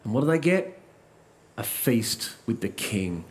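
A man's voice: on the low side, big pitch swings, unhurried. A man preaching a sermon, asking rhetorical questions and repeating key lines for emphasis.

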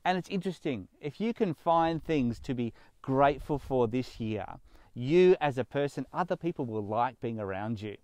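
A man's voice: medium pitch, animated, moderate pace, darkish tone, no room sound. A man giving a sermon, speaking earnestly and pushing up on his key words. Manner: earnest, emphatic preaching with rising stresses. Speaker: pastor.

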